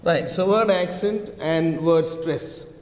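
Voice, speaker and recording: Slow, high-voiced male teacher lecturing. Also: slight background noise. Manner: repeats key phrases, checks with "right?". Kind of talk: classroom lecture. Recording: echoey room with long reverb.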